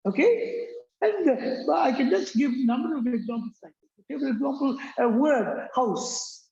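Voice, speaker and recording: A man teaching an English accent lesson, halting with many fillers and restarts, repeating words for drill. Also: very high-pitched, expressive, creaky, warm tone. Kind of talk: classroom-style lecture. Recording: roomy, dull lo-fi recording.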